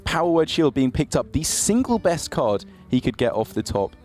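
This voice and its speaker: A man's voice: fairly high pitch, very animated, moderate pace, darkish tone, soft background music. A man giving analytical live commentary on a card game tournament, laughing easily between plays. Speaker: esports caster.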